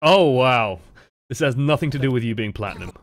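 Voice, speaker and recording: Casual swearing English coach. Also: male voice, medium pitch, lively intonation, rapid-fire, a little mellow. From England. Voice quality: casual, profane, rambling with fillers. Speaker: game coach. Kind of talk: gameplay review commentary.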